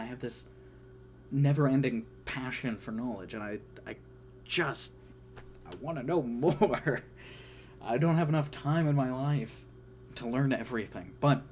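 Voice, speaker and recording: A young man talking casually to camera about his hopes, eager but halting, with many restarts. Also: mid-range voice, darkish tone, a little hiss or hum. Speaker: vlogger.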